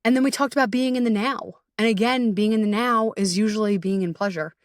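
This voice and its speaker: Speaking fairly quickly in a steady, mid-range voice, this podcast host and coach talks candidly and with energy on her casual solo show, cursing freely and voicing snippets of inner dialogue. The recording is dry and clean studio sound from a distant mic.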